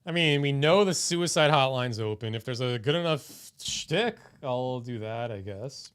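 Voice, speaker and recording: A man co-hosting a live stream, chatting in a laid-back way and thinking out loud. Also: mid-range voice, lively intonation, a little slow, smooth. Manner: laid-back, laughs often, thinks aloud. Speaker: stream co-host. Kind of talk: casual live-stream chat.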